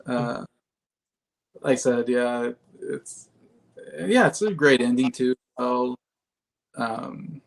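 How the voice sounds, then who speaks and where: A man as a podcast guest, rambling in casual chat with many fillers and soft laughs. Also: mid-range voice, animated, drawn-out words, pauses often.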